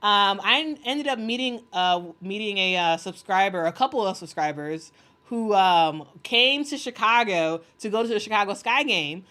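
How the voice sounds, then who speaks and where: A woman's voice: medium pitch, animated, moderate pace, sharp tone. A woman hosting a casual sports livestream, reading chat aloud, rambling with many fillers and restarts, and often laughing with enthusiasm. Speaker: sports commentary host reading live chat.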